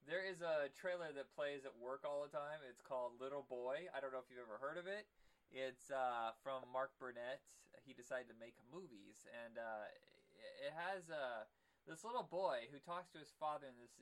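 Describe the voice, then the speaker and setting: A man hosting a casual film podcast, chatting loosely, laughing often and acting out silly quotes. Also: mid-range voice. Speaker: podcast host.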